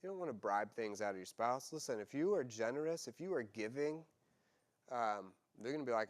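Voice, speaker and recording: A man pastor preaching a sermon, animated and conversational, acting out quoted voices with humor. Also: mid-range voice, a little fast.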